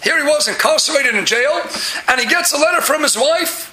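A man gives a lively Talmud class and keeps bursting into loud, emphatic stretches. His voice sits very high and cuts through sharply. The room around him rings with echo and a faint hiss. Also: fairly quick. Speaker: Torah teacher.

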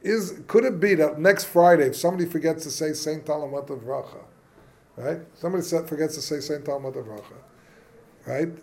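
Fairly quick and a little high, yet somewhat mellow, this man's voice carries an informal Talmudic lesson. He keeps it casual and questioning, dropping Hebrew and Yiddish terms into yeshivish English.

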